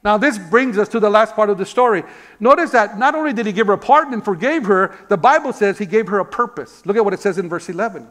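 High-voiced man preaching a sermon. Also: fast, fairly bright tone. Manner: storytelling with rhetorical questions and calls of amen; repeats words when searching for them. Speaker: pastor.

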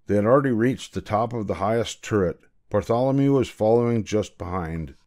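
An older man reads a picture book aloud, as a grandfather would for children. His voice sits a little low, and his narration is gentle and measured. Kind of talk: storybook read-aloud.

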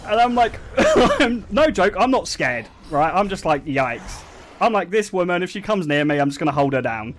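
A young man telling stories to his stream chat in a casual, animated way, swearing and laughing often. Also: high-pitched, brisk.

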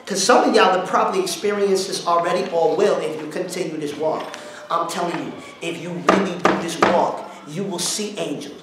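A man preaching an informal sermon, telling stories in slangy talk, breaking into song and shouts as he retells them. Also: sits high, fairly quick, background noise. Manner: animated, bursts into song and shouts while retelling. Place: church hall. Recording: very echoey hall, mic at a distance.

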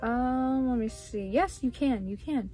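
A woman's voice: on the high side, measured pace, faint music behind. A young woman vlogger showing off her haul in a casual, gushing way, full of "like" and "oh my gosh". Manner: gushing, excitable, lots of "like" and "oh my gosh".

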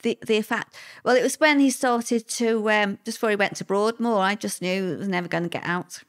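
A woman's voice: medium pitch, brisk. Woman telling her story. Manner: conversational, repeats words, lively quoted voices. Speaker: interview guest. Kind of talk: personal storytelling in an interview.

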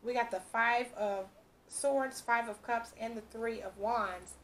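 A chatty woman reading tarot cards for her viewers, with a slightly high voice and a ready laugh. Faint noise sits under her voice. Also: fairly even intonation, takes it slowly, fairly bright tone. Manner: chatty, laughs often, quotes imagined speech. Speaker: tarot reader.

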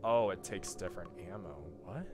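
A man casually commenting on his own horror gameplay, muttering to himself with sudden loud outbursts. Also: deep voice, moderate pace, over loud music. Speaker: streamer playing a horror game.

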